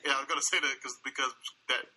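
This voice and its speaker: A man's voice: mid-range voice, steady tone, very fast, crowd noise, low-quality recording. A man in casual chat, teasing his co-host with jokey remarks.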